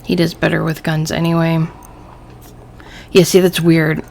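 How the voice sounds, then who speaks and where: A woman's voice: low-pitched, flat delivery, a little slow, vocal fry, a little mellow, a little hiss or hum. A woman hosting a let's play, thinking aloud and reading game text aloud, easily irritated by the game. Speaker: gaming channel host.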